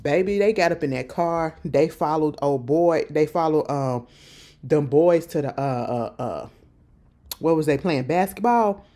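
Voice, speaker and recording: Animated woman recapping a TV show in slang. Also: sits low, unhurried. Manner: animated, slangy storytelling that acts out the characters' lines. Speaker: TV episode recapper. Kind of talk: casual recap of a TV episode.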